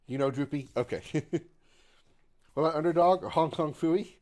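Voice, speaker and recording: A man's voice: on the high side, moderate pace, darkish tone. A man in his thirties livestreaming a video game, chatting casually with his viewers, joking and swearing while he plays. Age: 30s. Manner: chatty, profane, reads chat aloud, frequent fillers. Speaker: gaming livestreamer. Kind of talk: casual live-stream chat while gaming.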